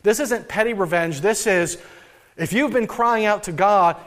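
A man's voice: sits high, slow, fairly bright tone. A man preaching as a pastor, earnest and thinking aloud, with frequent restarts. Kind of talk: sermon.

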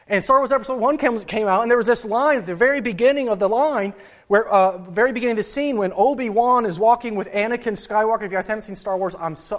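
A man preaching a sermon in an earnest, personal way, often restarting and repeating words. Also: sits high. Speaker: pastor.

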